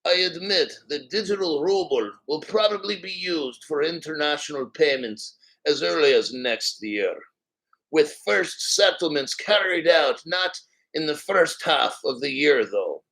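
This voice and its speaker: A man's voice: a little high, animated, a little slow, vocal fry, a bit bright, full character voice, poor audio. A man doing a mock impression of a middle-aged Russian male finance official, with a put-on Russian accent and a heavy, formal, pompous delivery.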